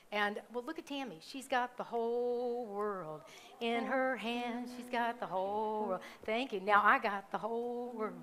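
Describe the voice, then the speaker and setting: A middle-aged woman minister giving chatty, rambling announcements at a live church service, full of ums and asides. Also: medium pitch. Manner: chatty, warm asides, self-correcting, many ums.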